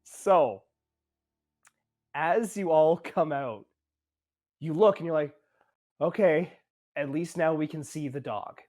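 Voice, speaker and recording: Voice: medium pitch, slow, pauses often, darkish tone. A game master narrating a tabletop game in a casual, rambling way, full of fillers and self-corrections.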